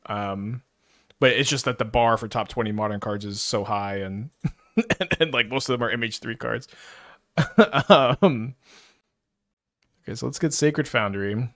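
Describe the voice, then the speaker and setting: Man, casual gameplay commentary, stutters and restarts, mid-pitched, dry close sound. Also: unhurried, long pauses, fairly bright tone, no echo. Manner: stutters, many restarts and fillers; chatty, thinking aloud. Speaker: streamer playing online card game.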